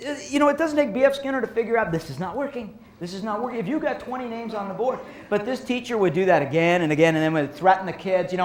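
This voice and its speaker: High-voiced animated male speaker, roomy hall. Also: quick pace. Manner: lively storyteller acting out teachers and kids. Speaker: speaker on child behavior for educators. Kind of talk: recorded professional development talk. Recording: roomy echo.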